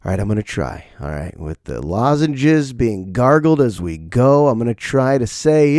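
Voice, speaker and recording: A man hosting a podcast while sick, with his voice partly gone, doing a rambling comic monologue. His voice swings between high squeaks and low mutters. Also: sing-song, moderate pace, few pauses, darkish tone, no echo, studio quality. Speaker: podcast host.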